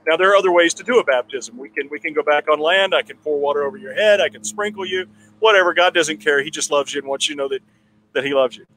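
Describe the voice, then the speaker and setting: A man with a somewhat high voice tells a long anecdote at a town hall meeting. He rambles, restarts his phrases and chuckles now and then, like casual storytelling. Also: fast, pushed and bright, slight background noise. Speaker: political candidate telling a story.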